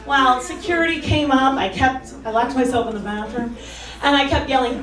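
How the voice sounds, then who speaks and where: A woman performing a stand-up comedy set on a club stage, animated and self-mocking, breaking into loud yelled bits. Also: high voice, fairly quick. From suburban Detroit. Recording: roomy club sound from a distance with crowd. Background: audience laughing.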